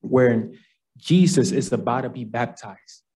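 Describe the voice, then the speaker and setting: A young man giving an earnest sermon at a campus fellowship, slowing down on key phrases. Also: mid-range voice, warm tone. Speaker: guest speaker at a campus fellowship.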